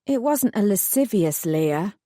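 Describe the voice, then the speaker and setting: A woman reading a first-person audiobook in a measured, wry voice. Her pitch sits in a middle range, and the recording is dry and close with no room sound. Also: animated, mellow, no echo. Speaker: audiobook narrator.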